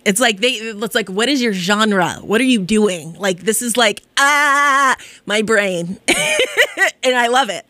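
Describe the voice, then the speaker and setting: A woman's voice: fairly high pitch, a bit bright, no room sound. A woman radio DJ chatting on air in a bubbly, rambling, effusive way. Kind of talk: casual radio chat.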